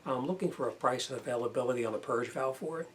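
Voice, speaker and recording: A man's voice: medium pitch, fast, fairly bright tone, slight background noise. A man, an auto mechanic talking casually and bluntly as he walks viewers through a hands-on repair.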